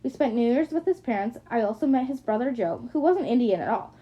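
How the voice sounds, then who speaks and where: A woman's voice: on the high side, expressive, brisk. Woman reading a novel, muffled sound. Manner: plain reading with frequent restarts. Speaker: audiobook reader. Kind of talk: first-person novel narration, amateur reading. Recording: muffled lo-fi recording.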